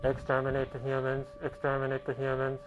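A man's voice: a little fast, muffled recording, noisy background. A man doing a ring-modulated Dalek. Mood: menacing. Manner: monotone, pitched robotic delivery. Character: robotic alien Dalek, grating and menacing. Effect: ring modulator robot distortion.

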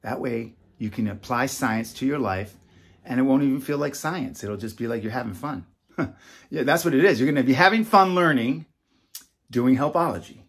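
A husky, medium-pitched man who calls himself an educator and founder talks slowly and repetitively. He coaxes along like a kindergarten teacher addressing a whole class of small children.

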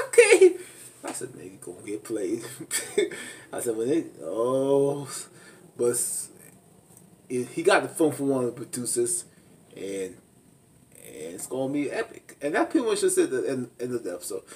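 A lively, laughing man recaps a reality show for his channel. His pitch leaps high, and his voice comes from somewhat far off the mic. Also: moderate pace, slight background noise. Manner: animated, laughing, mimics people in high squeals. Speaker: reality TV reviewer. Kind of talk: casual recap vlog.

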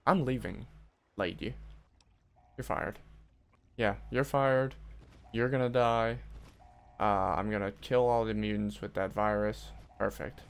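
A man's voice: on the low side, steady tone, measured pace, pauses often, clean tone. A man streaming a video game, trash-talking the characters in mock outrage. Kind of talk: casual gameplay commentary.

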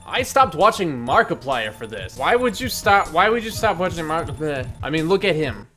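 A man hosting a let's play, joking and breaking into loud excited outbursts as he plays. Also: on the high side, normal speed, faint music behind. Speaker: gaming video host.

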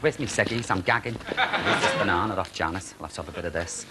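A man's voice: low voice, quick pace, very noisy. A man hosting a comedy sketch show in a female persona, with brassy camp patter. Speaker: drag comedy host. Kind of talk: comic sketch with studio audience.

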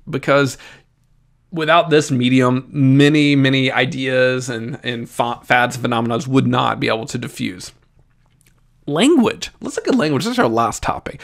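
A man with a Southern US accent teaches an exam review in a lively, jokey way. His voice sits a little high for a man, and he talks right to his students. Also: creaky.

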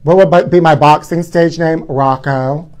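A man's voice: on the high side, steady tone, moderate pace, a little mellow. A man hosting a live stream, chatting in a campy, gossipy way and calling his viewers honey. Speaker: livestream host.

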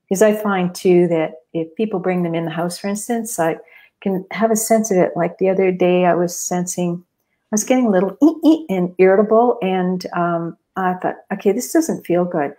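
A woman's voice: on the low side, darkish tone. A woman co-hosting a radio talk, explaining at length in a rambling, thoughtful way with many fillers. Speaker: radio co-host. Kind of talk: casual radio chat.

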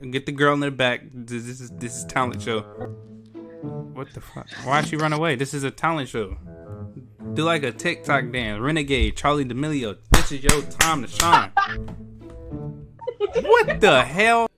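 A man's voice: mid-range voice, normal speed. Young man teasing strangers, music behind. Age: 20s. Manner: teasing, profane, joking banter. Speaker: host trolling strangers on video chat. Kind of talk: casual chat.

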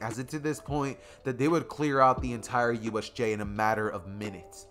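A young man narrates a fan story in a casual, rambling way, often circling back over his phrasing. His voice sits in a middle male pitch. Faint music plays behind him. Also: fairly bright tone.

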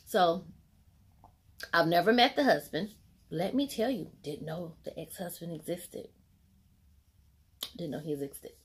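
Husky-voiced woman telling a story. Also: fairly low pitch, animated, a little slow, long pauses. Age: 40s. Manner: rambling and conversational, with many fillers and reenacted quotes; drops to a near-whisper at emotional moments. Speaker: storytelling vlogger. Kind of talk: casual storytime monologue. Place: home set lit by a ring light.

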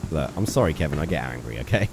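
A man's voice: rumbling low, big pitch swings, fast talker, background noise. A young man giving playful live gameplay commentary, chatting to his viewers and scolding an in-game character. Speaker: game streamer.

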